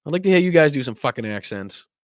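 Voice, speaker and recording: A man's voice: on the high side, lively intonation, fast talker, dry recording, clean studio sound. A man with a Boston accent hosting a live-stream political commentary show, talking in a profane, sarcastic, rambling way.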